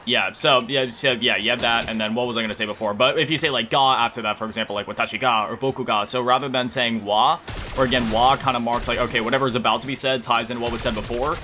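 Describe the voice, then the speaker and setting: A man's voice: mid-range voice, fairly even intonation, fast, bright, forceful tone, slight background noise. A man chatting casually while playing a video game, rambling and self-deprecating, often trailing off to recall words. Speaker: gaming YouTuber.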